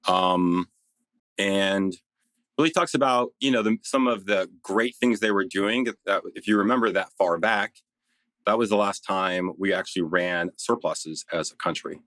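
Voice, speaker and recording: A man's voice: sits low, unhurried, a bit bright, dry recording. A man in his forties, a financial planner guest-hosting a podcast, explaining in an easygoing way and laughing often. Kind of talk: casual podcast chat.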